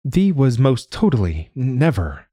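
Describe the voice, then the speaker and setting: A man voicing a gentle alien visitor that speaks in a halting, careful way in an audiobook story. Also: medium pitch, very animated, breathy edge, dry recording, clean studio sound, pitched above the performer's own voice. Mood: earnest. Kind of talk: audiobook reading.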